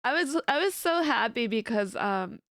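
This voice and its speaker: A woman VTuber chatting casually to her stream, with a low, deep voice for a woman, giggling often and rambling through repeated restarts. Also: animated, moderate pace, a bit bright, no echo, studio quality. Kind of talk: casual livestream chat.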